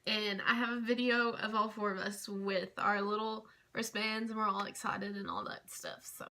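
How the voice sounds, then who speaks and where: Young female vlogger, bright and crisp tone, gushing storytime chatter with frequent fillers. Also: mid-range voice, flat delivery, moderate pace. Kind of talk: casual storytime chat.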